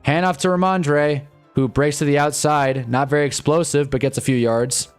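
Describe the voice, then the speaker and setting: A man's voice: a little high, steady tone, normal speed, smooth. A young man hosting a live fan stream, commenting wryly and with exasperation as a football game plays, drifting into casual chat. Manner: wry, exasperated fan commentary, loose and rambling. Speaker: livestream host reacting to a football game. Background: faint music.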